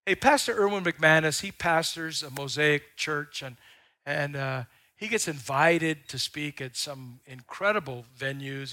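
A middle-aged man preaching a sermon as pastor, telling stories in a folksy way and swelling loud on key lines. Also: fairly high pitch.

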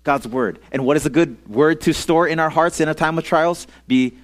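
Casual pastor talking with a youth group. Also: male voice, on the high side, normal speed. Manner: conversational, checks in with "okay?" and "amen?"; leads call-and-response with a young audience. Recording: audio-only sermon recording.

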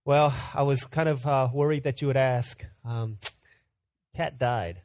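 A man's voice: medium pitch, a little slow, darkish tone, no echo, pitched below the performer's own voice, natural voice. A preacher doing a blunt, mumbling man in a joke. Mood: offhand.

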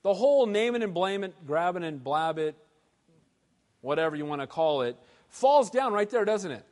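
Man preaching, high voice, casual animated delivery, long hall reverb. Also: moderate pace. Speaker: pastor. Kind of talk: sermon.

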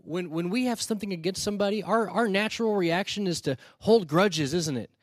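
A male pastor preaching a sermon, telling stories in a conversational way with quick asides and restarts. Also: sits high, dry recording, clean studio sound. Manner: storytelling, conversational with quick asides and repeated starts.

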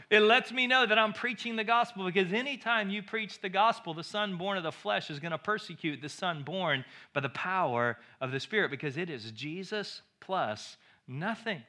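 A man preaching a sermon with a high, ringing voice. He is an emphatic pastor who drives points home by repeating his phrases. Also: moderate pace, sharp tone.

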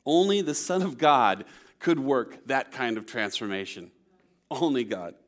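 A man's voice: mid-range voice, lively intonation, unhurried. A man preaching a sermon to his congregation, conversational, with playful humor and frequent checks like "okay?". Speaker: pastor.

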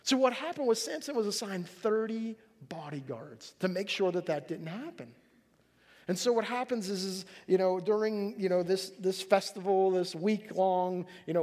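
High-voiced animated preacher man. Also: long reverb tail. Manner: animated storytelling, acts out characters, jokey asides. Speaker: pastor. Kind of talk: sermon.

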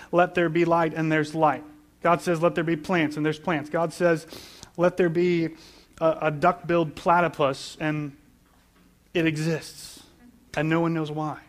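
Earnest man preaching a sermon. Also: on the high side. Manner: earnest, repeats words while building points. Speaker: pastor.

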